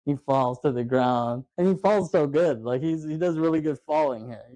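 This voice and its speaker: Male podcast host, casual rambling film recap, warm mellow tone, dry close sound. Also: a little high, normal speed, dry recording. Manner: rambling retelling, full of fillers and swearing. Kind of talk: casual movie recap chat.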